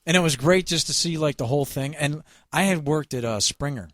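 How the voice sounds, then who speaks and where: A man's voice: on the high side, brisk, fairly bright tone, no room sound, clean studio sound. A man chatting as a guest on a radio show, telling rambling stories full of profanity. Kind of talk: casual chat.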